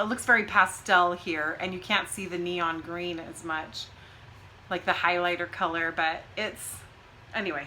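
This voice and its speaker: A woman's voice: on the low side, pushed and bright, slight background noise, rough recording. A middle-aged woman co-hosting a knitting podcast, chatting casually with rambling asides and frequent laughs. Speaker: podcast co-host.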